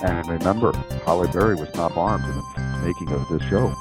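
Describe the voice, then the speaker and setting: A man co-hosting a podcast in casual chat, with dry, unhurried remarks. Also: sits low, over loud music. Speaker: podcast co-host.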